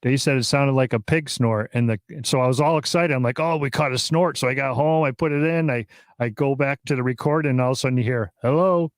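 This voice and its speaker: A man hosting a live podcast, talking casually and excitedly, with many fillers and restarts. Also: mid-range voice, quick pace, dry recording, clean studio sound. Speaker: podcast host.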